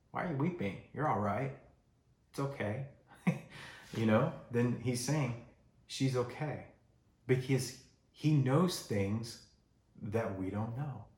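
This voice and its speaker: Male pastor, mid-pitched, chatty sermon delivery, reverberant sanctuary. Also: darkish tone. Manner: conversational, acts out quoted voices. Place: church sanctuary.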